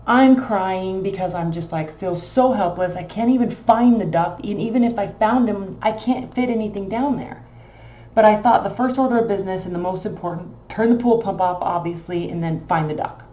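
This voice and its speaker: A woman's voice: medium pitch, normal speed. A woman telling a long personal story in a casual, emotional, rambling way. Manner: animated, emotional, rambling anecdote. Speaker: tarot reader. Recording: echoey room with faint background hum.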